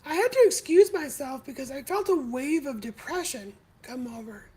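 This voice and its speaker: High-voiced woman telling her story. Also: expressive, warm tone, poor audio. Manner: candid, confessional, halting. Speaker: podcast host. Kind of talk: personal storytelling on a live stream.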